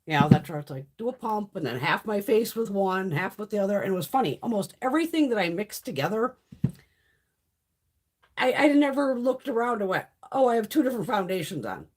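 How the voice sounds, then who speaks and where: A woman's voice: medium pitch, very animated, fairly quick, a little mellow. A woman hosting a beauty livestream from home, chatting casually in a blunt, profane way while sick. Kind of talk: casual live-stream chat.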